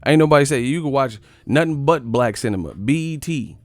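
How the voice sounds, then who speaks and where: A man hosting a boxing live stream, ranting in a profane, animated way and sometimes mocking others in put-on voices. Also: mid-range voice, brisk, dry recording, clean studio sound. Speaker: boxing channel host.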